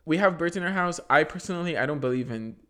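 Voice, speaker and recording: Animated young man telling stories. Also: on the high side, quick pace. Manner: laughs through his storytelling, animated and self-mocking. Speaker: podcast co-host. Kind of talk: casual chat.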